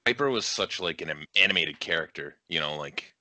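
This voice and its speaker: A man's voice: low-pitched, animated, a little fast, pushed and bright, no room sound. A man co-hosting a podcast in laid-back casual chat who laughs easily. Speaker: podcast co-host.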